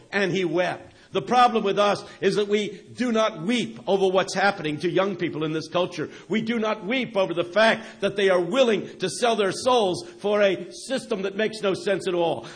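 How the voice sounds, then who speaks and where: A man preaching a sermon, animated, swinging from near-shouts down to hushed lines. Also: high voice.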